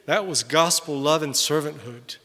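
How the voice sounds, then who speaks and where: Older guy preaching at a conference, high bright voice, big echoey hall, gets loud then drops quiet. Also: moderate pace. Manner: animated, swings between loud emphasis and quiet asides. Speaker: conference speaker, missionary. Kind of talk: conference sermon. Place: large hall. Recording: long hall reverb from a distance.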